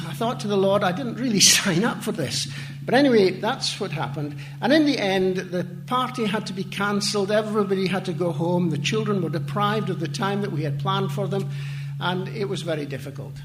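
A man's voice: sits high, noisy background. A man giving an earnest testimony talk as a missionary, telling stories with many hesitations and wry asides. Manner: earnest storytelling with hesitations and self-deprecating asides. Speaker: missionary speaker.

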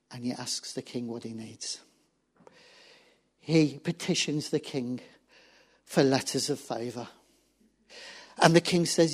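A man's voice: medium pitch, slow pace, pauses often, darkish tone. A man, a pastor preaching a sermon and acting out biblical dialogue as he tells the story.

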